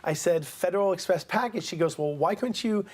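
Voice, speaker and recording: Animated male storyteller doing voices. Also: sits high, brisk, a little hiss or hum. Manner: animated storyteller acting out quotes. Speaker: guest, writer-director-producer. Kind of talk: casual storytelling interview.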